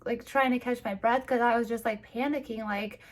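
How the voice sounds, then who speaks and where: A young woman vlogger, teary, telling a personal story in a halting way with many restarts. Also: a little high, fairly even intonation.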